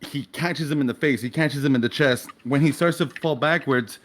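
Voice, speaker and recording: A man's voice: medium pitch, moderate pace. A young adult man narrating a tabletop game as game master, in a vivid, casual way with swearing.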